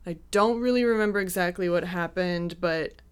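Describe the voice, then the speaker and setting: A young woman with a smooth, clear voice and a slightly low pitch tells a personal story in a chatty, casual way. She laughs easily at her own mishaps and acts out what people said. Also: moderate pace. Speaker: guest telling a personal story.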